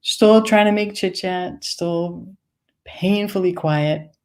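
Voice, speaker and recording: A woman's voice: lowish voice, takes it slowly. A woman from Maine telling a wry, conversational personal story on stage. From United States, Maine.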